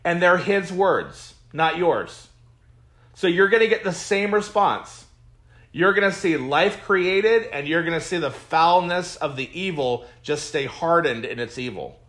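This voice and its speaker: A man's voice: a little high, animated, unhurried, a bit bright. A man teaching a Bible study as pastor, preaching emphatically in a repetitive cadence and reading scripture aloud with comments.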